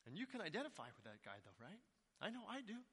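A man's voice: high-pitched, huge pitch swings, quick pace, a bit bright, slightly rough, long reverb tail. A male pastor preaching a sermon in a conversational way, putting rhetorical questions to the congregation.

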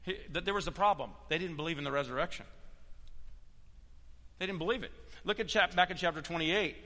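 Bright-voiced preacher in a reverberant hall. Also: male voice, on the high side, brisk. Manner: emphatic preaching, swings between loud and hushed. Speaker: pastor. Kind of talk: sermon.

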